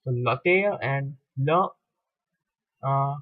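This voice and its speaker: A man teaching a French grammar lesson, talking slowly and deliberately with frequent pauses and repetitions. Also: medium pitch, lo-fi sound. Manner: deliberate, hesitant with fillers and repetitions. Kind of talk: slow lecture explaining grammar at a board.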